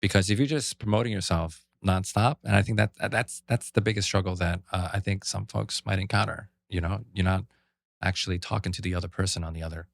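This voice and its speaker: A man co-hosting a podcast, telling stories in an animated way and acting out what others said. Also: sits low, brisk, creaky, no room sound. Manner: animated storyteller, acts out quotes. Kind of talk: casual podcast conversation.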